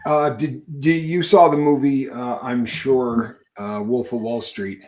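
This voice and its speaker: A man at a middling pitch hosts a casual live talk show. He rambles through his stories with halting restarts and filler words. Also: fairly even intonation, a little mellow. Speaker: podcast host.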